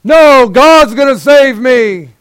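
A man voicing a stubborn man stranded on a rooftop in a flood, insisting he will be saved, in a strained, drawn-out voice. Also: extremely high pitch, lively intonation, fairly bright tone, smooth, dry recording, pitched above the performer's own voice, heavily acted.

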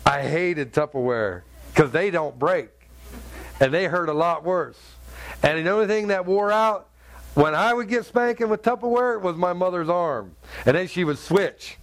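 Animated middle-aged male preacher. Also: high-pitched. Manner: animated storytelling with sound effects and humor. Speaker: pastor. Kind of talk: sermon.

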